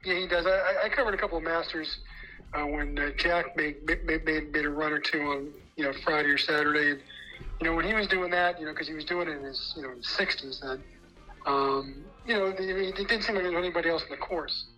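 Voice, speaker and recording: Bright, fast-talking male columnist. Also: a little high, steady tone, soft background music, rough recording. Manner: rambling, heavy on "you know". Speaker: newspaper sports columnist, guest. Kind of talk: casual sports radio chat.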